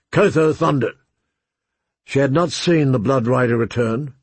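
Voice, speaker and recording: A man narrating an audiobook in a measured, unhurried reading voice with a gravelly, husky quality. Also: mid-range voice, dry recording.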